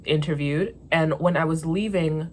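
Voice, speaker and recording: A woman's voice: deep voice, moderate pace. A young woman vlogger telling a story in casual chat, venting candidly and swearing freely.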